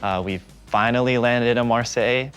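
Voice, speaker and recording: A man on a reality TV show speaking in confessionals, plain and flat-spoken. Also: mid-range voice, normal speed, faint music behind. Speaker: reality show cast member.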